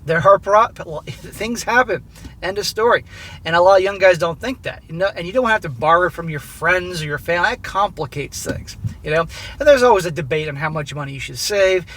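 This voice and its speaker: A man's voice: high voice, animated, a little fast, a bit bright. Blunt, foul-mouthed man in his forties. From Southern California. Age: 40s. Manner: blunt and profane, keeps addressing "guys". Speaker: advice channel host. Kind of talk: casual advice monologue.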